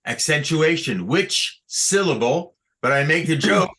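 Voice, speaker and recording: A man teaching Torah chanting on a video call, halting with fillers and restarts, chuckling at his own jokes. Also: on the high side, expressive, sharp tone. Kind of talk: online lesson with sung examples.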